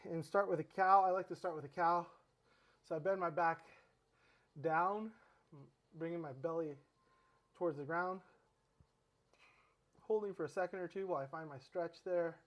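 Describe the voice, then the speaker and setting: A man's voice: on the high side, steady tone, normal speed, long pauses, a bit bright. A middle-aged man talking casually through his stretching routine, a little out of breath, rambling with fillers and restarts. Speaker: fitness vlogger. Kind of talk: casual talk while exercising.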